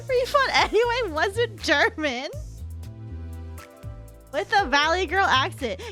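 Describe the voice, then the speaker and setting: A high, very lively woman streamer reads a game's story aloud and breaks off to joke with chat. Her voice swoops up and down and she giggles easily. Soft game music sits underneath. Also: takes it slowly, long pauses. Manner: giggly, playful, bantering with chat.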